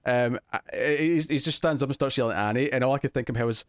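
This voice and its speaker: A young adult Scottish man co-hosts a casual TV review chat, joking, teasing and laughing often. He talks at a quick pace in a mid-range voice, and the recording is dry and studio quality.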